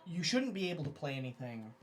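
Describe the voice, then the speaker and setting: A man's voice: a little high, big pitch swings, quick pace. A man on a live stream chatting casually while playing a card game, walking the others through card rules at length. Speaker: stream co-host and card player. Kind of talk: casual gaming chat.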